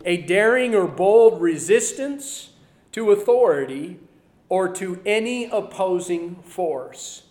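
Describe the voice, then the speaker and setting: A man preaching a Sunday lesson, earnest, moving between loud emphasis and quiet asides. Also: high-pitched, echoey room. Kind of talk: sermon.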